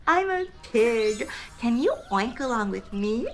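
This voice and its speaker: A young woman hosting a children's show, teaching toddlers in an animated, exaggerated, sing-song way. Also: a little high, slow pace.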